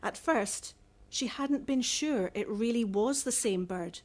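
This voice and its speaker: A woman author reading a young adult novel aloud in a measured, even storytelling manner. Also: on the high side.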